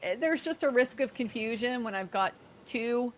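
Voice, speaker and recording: A woman hosting her own livestream, relaxed and chatty as she reads and answers viewer questions. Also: on the high side, moderate pace, slight background noise. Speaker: co-streamer, livestream host. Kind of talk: casual livestream chat.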